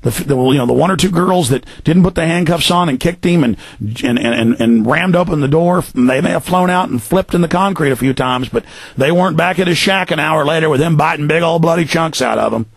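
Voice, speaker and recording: Male radio host for a furious rant, gravelly and raspy, dry close sound. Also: on the high side, a little fast, no room sound. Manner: furious, ranting, mocking voices. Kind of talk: angry political radio rant.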